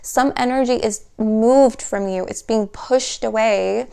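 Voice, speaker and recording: A woman giving an intuitive tarot reading, talking softly and slowly in a dreamy way, often trailing off and starting her sentences again. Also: fairly high pitch, creaky, clean tone. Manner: soft, slow and dreamy, trailing off and restarting; emotional, at times laughing through tears. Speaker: tarot reader.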